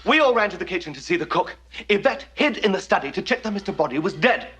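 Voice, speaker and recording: A frantic butler. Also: male voice, high voice, very animated, fast talker, bright, forceful tone, full character voice. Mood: breathless explaining. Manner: breathless, theatrical, accusing. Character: frantic middle-aged male butler reenacting murders. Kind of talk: film dialogue. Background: film score music.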